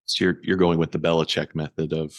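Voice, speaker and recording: A deep-voiced man co-hosting a podcast chats casually about fantasy sports in a flat delivery. He speaks haltingly, with many fillers and restarts, and the studio-quality recording has no room sound.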